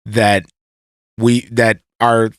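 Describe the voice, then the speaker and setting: A man's voice: lowish voice, extremely slow, clear, resonant tone, no echo, clean studio sound. A young man co-hosting a casual chat show, laughing often and jumping between thoughts. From Puerto Rico. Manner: laughs often, animated, restarts mid-sentence. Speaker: podcast co-host.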